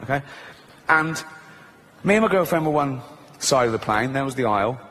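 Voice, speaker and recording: A man's voice: mid-range voice, animated, normal speed, a bit bright, slight background noise. An English man doing stand-up comedy, sardonic and profane, laughing at his own jokes.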